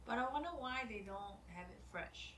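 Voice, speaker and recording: A woman's voice: on the high side, expressive, moderate pace, sharp tone, echoey room, far from the mic. A woman co-hosting a fan podcast, asking pointed questions in a matter-of-fact, casual way. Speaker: podcast co-host. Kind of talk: casual chat.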